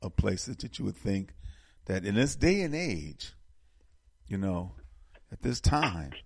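A man's voice: on the low side, very animated, slow, creaky, darkish tone, slightly rough, no echo. A man hosting a casual political talk show, speaking with passion and often repeating words as he builds momentum. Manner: impassioned, repeats words when fired up.

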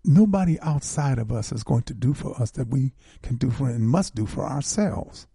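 Gravelly older radio host. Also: male voice, medium pitch, animated, normal speed, warm tone, no echo. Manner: preacherly, building to emphatic repetition. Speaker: radio talk show host. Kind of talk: call-in radio talk.

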